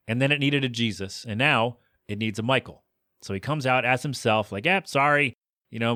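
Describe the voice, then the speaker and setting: A man hosting a podcast, casually recapping a TV episode and acting out the characters' lines with animated swings in his voice. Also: mid-range voice, no room sound, clean studio sound. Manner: animated, acts out characters' quotes. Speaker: podcast host.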